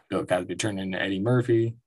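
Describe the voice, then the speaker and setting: A man in his forties hosting his own show, telling stories in a rambling, profane monologue and laughing often. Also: deep voice. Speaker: podcast host. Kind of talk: casual monologue. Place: at home.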